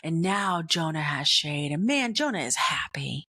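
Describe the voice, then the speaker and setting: A woman hosting a podcast tells a candid personal story in a low, slightly slow voice. She is animated and blunt, swearing casually and checking in constantly with "right?"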